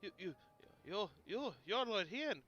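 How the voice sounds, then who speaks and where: Brief: a man playing a jittery young deckhand, bright, stammering, pirate-tinged, lo-fi game stream. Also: high voice, big pitch swings, measured pace, heavily acted. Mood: flustered. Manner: stammering, put-on pirate accent. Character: nervous young male apprentice sailor. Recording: dull lo-fi stream audio, faint game music.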